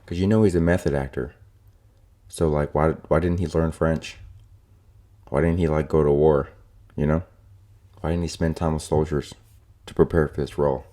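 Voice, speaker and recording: A man's voice: a bass voice, fairly even intonation, moderate pace, long pauses, dark tone. A young man hosting a casual solo podcast, ranting in an opinionated, profane, rambling way with lots of fillers. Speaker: podcast host.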